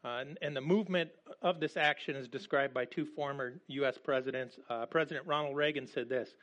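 A man preaching a sermon in a conversational, halting way, with frequent restarts and lively quoting. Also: mid-range voice, highs cut off. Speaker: pastor.

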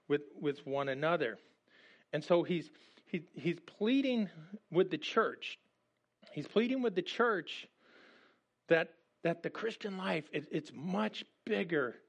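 A man preaching a sermon in a conversational, halting way, with frequent restarts and lively quoting. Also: on the high side. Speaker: pastor.

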